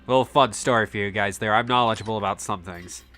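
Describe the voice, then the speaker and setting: A man's voice: fairly low pitch, quick pace, pushed and bright, soft background music. A man playing a tower defense game, joking around and swearing at the enemies. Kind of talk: casual let's play chat.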